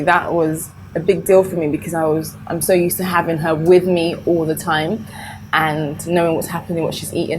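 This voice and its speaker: Woman, young adult, vlogger, chatty, personal, filler-heavy, slightly low voice. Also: darkish tone, slight background noise, poor audio. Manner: chatty, full of fillers and restarts; open and personal. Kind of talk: casual chat to camera.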